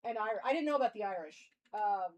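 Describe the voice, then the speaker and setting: A woman's voice: mid-range voice, lively intonation, brisk, a little mellow, poor audio. A young woman streamer musing aloud in casual live-stream chat.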